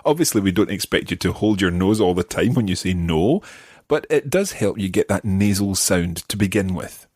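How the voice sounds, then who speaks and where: Speaking at normal speed, this middle-aged language teacher hosts a podcast lesson, patiently explaining and modeling pronunciation in a friendly, guided style. His low voice is expressive, a little mellow and slightly rough, and the recording is dry.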